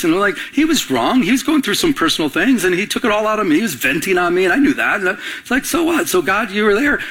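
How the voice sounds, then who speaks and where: A pastor with a high, breathy-edged voice preaches a sermon built around a story, acting out both sides of a phone call. He tells it with animation and prompts the congregation to call back responses.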